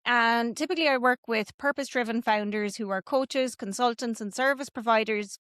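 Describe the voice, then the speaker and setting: A woman's voice: a little high, a little fast, a bit bright, no echo, clean studio sound. A middle-aged Irish woman, a business coach, talking at length and with enthusiasm as a podcast guest. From Ireland. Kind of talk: podcast interview.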